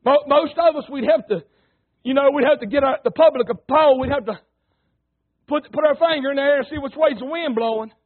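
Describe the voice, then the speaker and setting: Man preaching, very high voice, folksy and emphatic, narrow phone-like sound. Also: a little fast. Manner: folksy and emphatic, calls on the congregation. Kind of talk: sermon.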